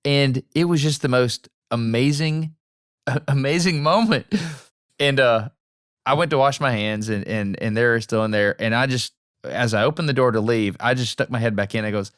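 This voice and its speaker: A man co-hosting a podcast in casual chat, telling stories with animated delivery and acting out lines he overheard. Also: medium pitch, normal speed, clean tone, no room sound, studio quality. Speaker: podcast co-host.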